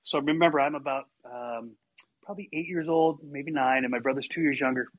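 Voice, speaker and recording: A man telling a story in casual chat, animated and acting out the quotes. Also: medium pitch, a little fast, rough recording. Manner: animated, acts out quotes with big voice shifts.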